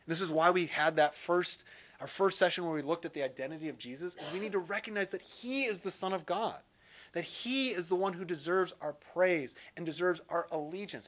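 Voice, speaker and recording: A man teaching a Bible session in sermon style, animated and lively, acting out quotes with jokey asides. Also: sits high.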